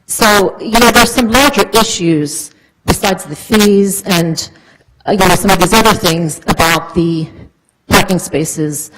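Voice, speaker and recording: A woman's voice: lowish voice, a little slow, fairly bright tone, poor audio. A woman resident speaking earnestly at a town council meeting, explaining at length with frequent fillers. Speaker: resident speaking at public comment. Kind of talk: public comment at a council meeting.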